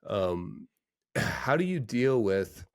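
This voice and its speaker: A man's voice: on the low side, very animated, drawn-out words. A middle-aged man hosting a podcast interview, talking casually, restarting his sentences often and livening up when he retells stories. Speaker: podcast host, financial planner.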